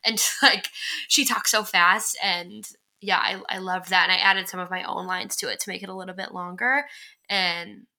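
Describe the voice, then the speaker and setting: A young woman talks over a movie she loves in a casual podcast chat. Her voice is very bright and sharp, with a gravelly fry at the bottom of it. She is chatty and fills her sentences with "like.". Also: on the low side, fairly even intonation, normal speed, rough recording. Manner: chatty, lots of "like" fillers, acts out quoted lines.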